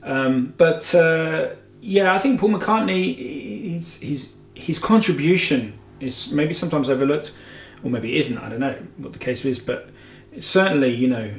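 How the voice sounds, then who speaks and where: A man's voice: on the high side, unhurried, gravelly, hardly any pauses, a little hiss or hum. A man hosting a guitar show, answering viewer questions in a rambling casual chat full of filler and restarts. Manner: rambling, heavy with filler "you know"s and self-corrections. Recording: roomy echo with faint music.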